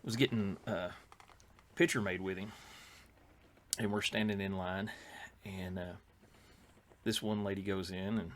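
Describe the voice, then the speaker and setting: Rambling man, low voice. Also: steady tone, a little slow, long pauses. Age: older. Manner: rambling anecdotes with many fillers and restarts. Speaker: podcast co-host. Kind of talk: casual storytelling chat.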